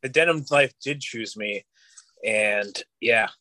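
A man's voice: on the low side, slow pace, pushed and bright, no echo. A man co-hosting a casual podcast, bantering with crude jokes. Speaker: podcast co-host. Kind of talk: casual chat.

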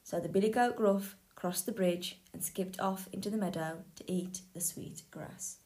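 A woman teacher reading a children's story aloud, clear and lively. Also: mid-range voice, normal speed, reverberant.

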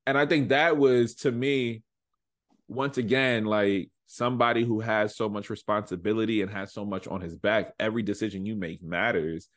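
A man's voice: fairly low pitch, fairly even intonation, moderate pace, fairly bright tone. A man co-hosting a casual podcast recap, talking reflectively with playful quoted asides. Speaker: podcast co-host.

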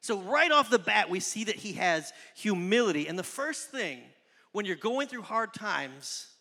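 A young man giving a casual, chatty sermon as a youth pastor, joking and telling animated stories. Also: high voice, a little slow. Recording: echoey hall reverb.

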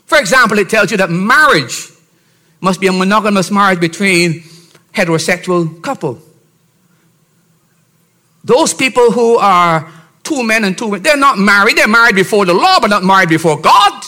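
High, bright-voiced preaching man. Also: lively intonation, moderate pace, pauses often. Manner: emphatic preaching, swings from soft asides to shouted points; keeps checking on listeners with "See?". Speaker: pastor. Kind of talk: sermon.

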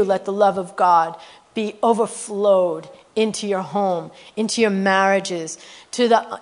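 A middle-aged woman guest preacher telling testimony stories in a sermon, animated and rising to loud exclamations. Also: mid-range voice.

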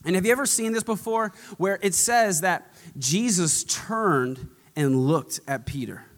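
A man with a high voice preaches in a casual, conversational manner. He leans on repeated phrases for dramatic emphasis, and the sound rings with a long reverb. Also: lively intonation, measured pace. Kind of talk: sermon.

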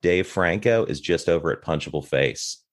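A man with a very deep voice talks casually. He states his opinions with wry confidence. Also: moderate pace. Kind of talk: casual chat.

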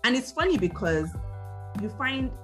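A woman's voice: high voice, big pitch swings, moderate pace, fairly bright tone, faint music behind. A woman from Nigeria with a Nigerian accent, talking animatedly in a casual chat and laughing often.

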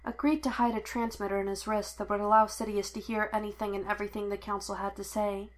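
A woman reading the lines of a weary, grim man who is a Jedi, in a low, subdued voice. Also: flat delivery, fast talker, lightly acted. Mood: quiet grim.

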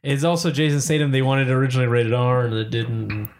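A man's voice: mid-range voice, flat delivery, quick pace. A man in casual podcast chat, blunt and swearing a lot as he fires questions at his friends.

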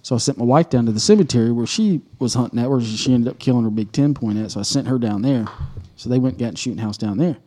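A man, co-hosting a casual podcast and telling an animated hunting story, swearing and laughing as he goes. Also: medium pitch, fast talker, hardly any pauses. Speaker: podcast co-host.

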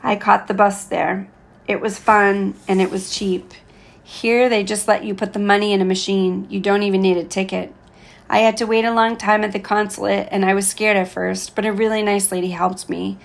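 A woman narrates an audiobook chapter in the first person, calm and steady. Her voice has a creaky, gravelly texture, and the reading stays even and unhurried. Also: medium pitch. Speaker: audiobook reader.

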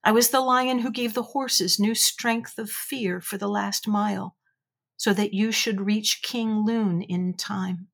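A woman voicing a vast, unseen lion who speaks slowly, quietly and gravely in a storybook reading. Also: mid-range voice, fairly even intonation, heavily acted. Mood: solemn.

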